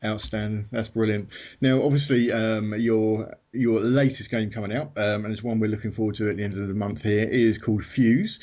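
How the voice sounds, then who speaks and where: A man's voice: lowish voice, fairly even intonation, normal speed, a little mellow. A man interviewing a guest over a conference call, asking easygoing, rambling questions.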